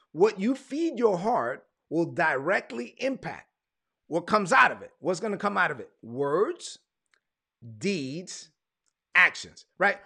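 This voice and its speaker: Emphatic preacher. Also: male voice, high voice, vocal fry, fairly bright tone, breathy edge. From Brooklyn, United States. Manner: repetitive, emphatic, stresses words by slowing down. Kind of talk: sermon.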